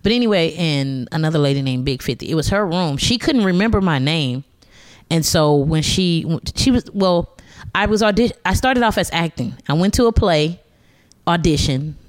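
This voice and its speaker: A woman's voice: fairly low pitch, normal speed, dry recording. A woman in her forties, a stand-up comedian and guest, telling stories in a casual chat, laughing often and slipping into voices. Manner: animated storyteller, laughs often, slips into character voices.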